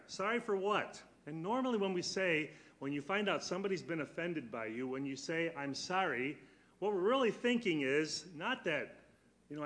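Man, Bible class teacher, fairly high voice, earnest, questions the class, slows on key words. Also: animated, a bit bright.

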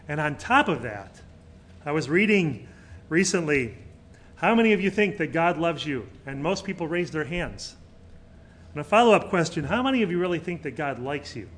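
A middle-aged male pastor preaching a sermon, swinging between loud emphatic peaks and quiet, soft passages. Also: on the high side, expressive, measured pace, pauses often.

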